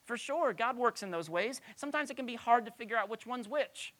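Animated woman preaching a lively sermon. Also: fairly high pitch, fairly quick. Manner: conversational, animated Bible teaching with rhetorical questions. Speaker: pastor.

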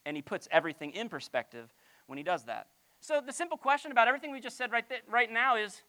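A middle-aged pastor delivers a sermon in a bright, crisp voice. The pitch swoops widely as they move between playful acted-out asides and hushed, low emphasis, with many rhetorical questions. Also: expressive, fast. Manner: drops to a soft, low voice on key lines.

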